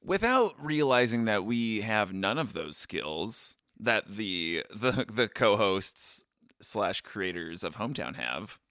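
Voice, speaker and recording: A man's voice: lowish voice, sing-song, slow pace, a bit bright, no room sound, studio quality. A man co-hosting a podcast in casual chat, joking and playful. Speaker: podcast co-host.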